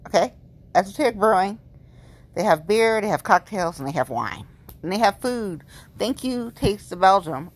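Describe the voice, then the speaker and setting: A woman's voice: medium pitch, expressive, moderate pace. A woman in her late thirties chatting casually as a vlogger, rambling and gushing, repeating herself, a little tipsy. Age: late 30s. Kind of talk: casual chat.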